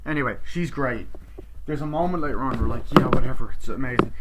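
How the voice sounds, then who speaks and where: A man giving a rambling, profane, excitable spoken review of a film. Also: mid-range voice, quick pace, heavy background noise. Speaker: movie reviewer.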